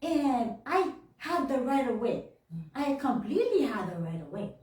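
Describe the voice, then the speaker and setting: Animated woman minister in an echoey hall. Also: sits high, moderate pace. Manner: animated, laughing, acting out her own reactions. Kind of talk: sermon storytelling. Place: temple hall. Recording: echoey room, mic at a distance.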